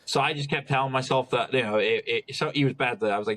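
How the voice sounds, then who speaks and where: A man, a podcast guest talking casually and haltingly about his bodybuilding result, with many restarts. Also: mid-range voice, fairly bright tone.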